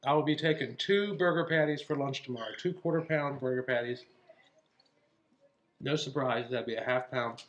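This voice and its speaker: A man chatting casually at home on a diet vlog, relaxed and rambling. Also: medium pitch, moderate pace, muffled recording. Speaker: co-host of a keto vlog channel. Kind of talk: casual chat.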